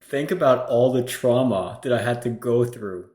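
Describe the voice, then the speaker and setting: A man's voice: medium pitch, moderate pace, darkish tone. A man on a casual tech podcast making wry, self-mocking jokes. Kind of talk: casual tech-security chat. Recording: roomy echo.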